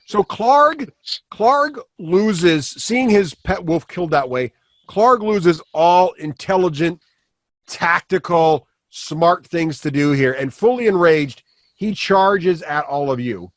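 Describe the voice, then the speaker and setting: High-voiced man running a tabletop game. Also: takes it slowly. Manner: lively, animated descriptions with sound effects. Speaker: dungeon master.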